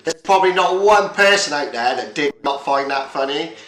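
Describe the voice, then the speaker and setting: A man's voice: a little high, expressive, moderate pace, fairly bright tone. A man chatting casually on a livestream, swearing often and rambling from point to point. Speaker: livestream host. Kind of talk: casual chat. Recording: roomy echo, faint music behind.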